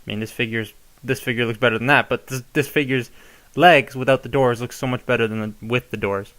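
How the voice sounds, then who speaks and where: A man's voice: mid-range voice, fairly even intonation, fairly quick, fairly bright tone. A young man casually showing how to modify a toy, chatty and given to rambling asides. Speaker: toy reviewer. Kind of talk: casual hands-on tutorial.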